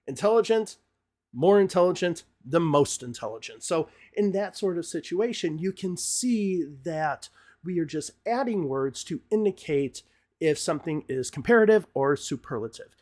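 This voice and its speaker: A middle-aged man teaching an English grammar lesson, explaining patiently step by step with examples. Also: a little high.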